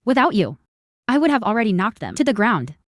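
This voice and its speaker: A scornful young heroine. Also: female voice, a little high, sing-song, brisk, dry recording, clean studio sound. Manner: scolding, contemptuous. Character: haughty young woman, sharp-tongued and scornful. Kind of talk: dubbed drama dialogue.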